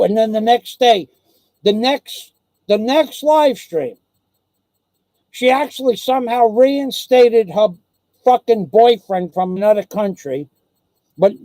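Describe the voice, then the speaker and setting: A man's voice: high voice, warm tone, no echo. A man ranting angrily into his own video, swearing nonstop and mocking the people he is complaining about. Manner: furious, swearing constantly, mocking others. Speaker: vlogger. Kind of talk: angry profane rant.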